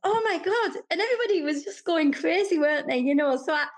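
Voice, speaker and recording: A woman's voice: high voice, lively intonation, quick pace. A woman hosting a podcast, chatting enthusiastically and ending many lines with tag questions. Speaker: podcast host. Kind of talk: casual chat.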